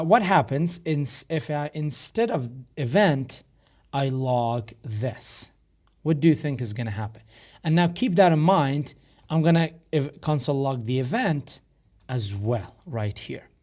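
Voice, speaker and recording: A man with a rough, gravelly voice, explaining a coding tutorial step by step with frequent fillers and restarts. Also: a little high, darkish tone. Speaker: programming instructor. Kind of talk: screen-recorded coding tutorial.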